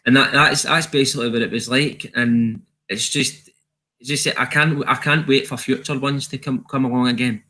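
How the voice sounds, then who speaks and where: Glasgow guy chatting, keeps restarting, mid pitch voice. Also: steady tone, pushed and bright. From Scotland. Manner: halting, repeats himself, chatty. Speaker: guest. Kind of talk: casual chat.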